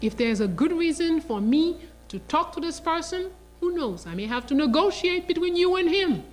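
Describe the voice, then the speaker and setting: A woman voicing a young woman who calmly and firmly sets her conditions in a soft, measured voice. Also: very high-pitched, pitched above the performer's own voice. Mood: reasoning. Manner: quiet, measured, resolute. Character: calm, firm young woman setting terms.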